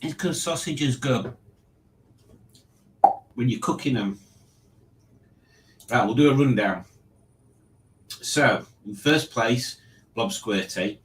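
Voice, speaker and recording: A man's voice: medium pitch, expressive, takes it slowly, pauses often, echoey room, a little hiss or hum, poor audio. A man hosting a casual online quiz, reading questions and joking about them. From Liverpool, England. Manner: wry, mocking the questions. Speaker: quiz host.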